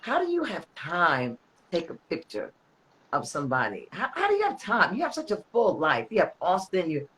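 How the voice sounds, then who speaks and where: Sassy woman with very lively pitch. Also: moderate pace, slight background noise, poor audio. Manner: sassy, playful comebacks. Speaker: guest caller. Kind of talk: casual chat.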